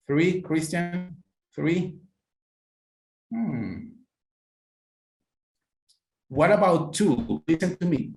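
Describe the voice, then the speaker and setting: A man's voice: high-pitched, animated, very slow, pauses often. Man teaching pronunciation in an echoey room. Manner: patient, encouraging, calls on students by name. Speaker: English teacher. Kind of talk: online pronunciation class. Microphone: computer mic on a video call.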